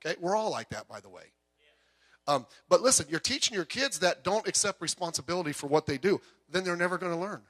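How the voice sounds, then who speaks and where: In a church sanctuary, a pastor's sermon comes through the PA speakers in a high-pitched, somewhat bright voice that moves fast with lively intonation. He preaches conversationally, full of asides and personal stories.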